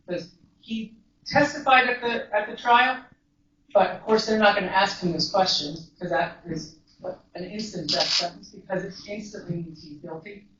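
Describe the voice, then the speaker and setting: A woman's voice: mid-range voice, background noise. Woman telling a story in an echoey hall. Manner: earnest, measured, emphatic storytelling. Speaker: guest speaker and mental health counselor. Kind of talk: storytelling talk to a live audience. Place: large echoey event room. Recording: echoey, distant, dull live recording.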